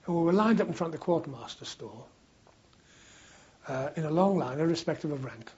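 Husky older man telling war stories. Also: fairly high pitch, animated, a little fast, darkish tone, highs cut off. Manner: rambling anecdotal storytelling, frequent restarts. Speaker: war veteran interviewee. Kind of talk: oral history reminiscence.

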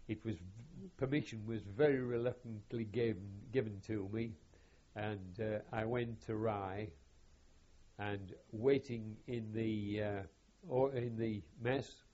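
An older veteran recalls his wartime service in an oral history interview, speaking haltingly and in a measured way with wry self-deprecation. His warm, fairly low voice stays fairly even in intonation, and the lo-fi recording sounds dull.

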